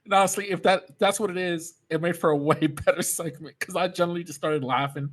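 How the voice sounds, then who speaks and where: A man's voice: fairly high pitch, steady tone, quick pace. A man co-hosting a podcast in casual chat, often repeating words as he starts. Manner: stammers on repeated words, chatty. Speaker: podcast co-host.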